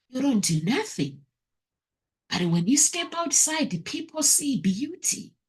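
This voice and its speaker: A woman hosts her own show and tells viewers her personal story. She talks slowly in a breathy, husky voice that often falls toward a whisper. When she recalls crying, her pitch climbs high. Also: a little mellow. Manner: emotional, pitch rising sharply when recounting crying. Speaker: talk show host.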